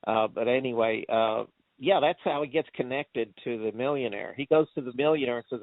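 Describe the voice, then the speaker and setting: A man co-hosting a movie review chat, laughing often as he retells scenes with excitement. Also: medium pitch, a little fast, dry recording. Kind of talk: casual chat. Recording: tinny phone-like dry sound.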